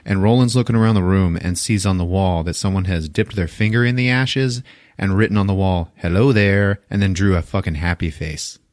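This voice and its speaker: A man's voice: deep voice, brisk, darkish tone, no echo, studio quality. A man hosting a podcast, recapping a movie in a laid-back, swearing, laughing way. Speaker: podcast host.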